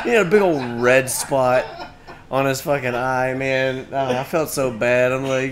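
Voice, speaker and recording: A man's voice: mid-range voice, expressive, normal speed. A man casually retelling old stories to a friend, laughing often and swearing freely. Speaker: gaming streamer. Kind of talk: casual storytelling chat.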